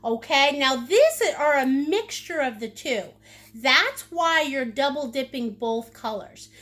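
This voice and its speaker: A woman's voice: high-pitched, animated, slow pace, a bit bright. A woman teaching a live-streamed painting class, bubbly and playful as she chats with her viewers. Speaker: painting instructor.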